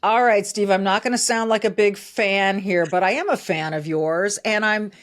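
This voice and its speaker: A woman's voice: mid-range voice, normal speed, soft background music. A middle-aged woman from California hosting a podcast interview, enthusiastic and direct. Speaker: podcast host. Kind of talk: conversational interview.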